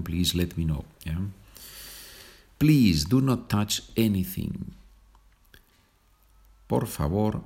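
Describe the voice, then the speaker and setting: Brief Male podcast language teacher, deep husky voice, patient and chatty. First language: Spanish. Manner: slow deliberate example sentences, chatty asides ending in "okay?".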